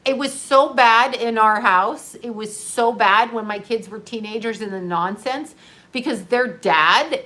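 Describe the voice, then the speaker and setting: An American middle-aged woman hosts a livestream, delivering a candid monologue in a voice on the high side and a bit bright. She's blunt and profane, laughing often even as she grieves.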